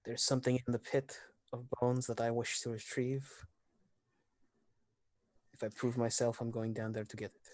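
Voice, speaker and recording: A tabletop game player speaking in character in a deliberate, matter-of-fact way. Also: mid-range voice, little pitch movement, darkish tone, no room sound.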